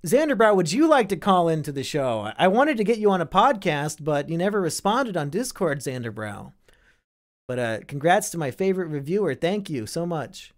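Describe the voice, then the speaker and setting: A man's voice: fairly high pitch, very animated, normal speed. A young man from Iowa hosting a casual live stream, reading and answering chat with sardonic, profane banter.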